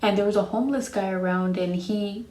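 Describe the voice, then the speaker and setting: A woman's voice: medium pitch, steady tone, fairly quick, darkish tone, reverberant. A young adult woman telling a personal story in a casual storytime vlog, frank and profane. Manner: frank and profane, blunt retelling.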